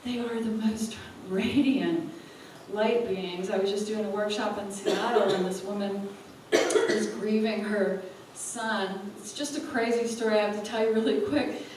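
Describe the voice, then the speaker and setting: Woman, animated storyteller at a live talk; distant mic, echoey hall. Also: mid-range voice, measured pace. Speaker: spiritual teacher and speaker. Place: event hall. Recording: echoey hall, from far off, faint room noise.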